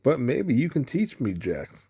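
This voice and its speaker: Gentle helpful schoolgirl from a picture book, mellow gravelly read by a man. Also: mid-range voice, sing-song, a little slow, exaggerated voice. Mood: kind. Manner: gentle, comforting. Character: kind cheerful schoolgirl.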